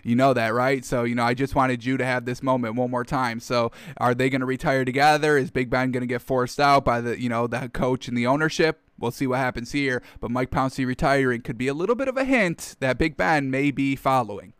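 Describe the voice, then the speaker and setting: A young American man hosting a casual football chat, reacting excitedly to highlight clips and calling his viewers folks. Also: fairly quick, hardly any pauses, clean tone, dry recording. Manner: excitable, laughs often, addresses viewers as folks. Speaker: sports commentator host.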